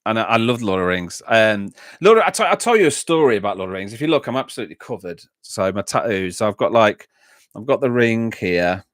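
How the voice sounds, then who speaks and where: A man's voice: on the low side, sing-song, fast talker, fairly bright tone, no echo, studio quality. An Englishman hosting a music reaction livestream, rambling casually and answering viewers' comments with many fillers and restarts. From England. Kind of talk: casual chat, reading and answering live comments.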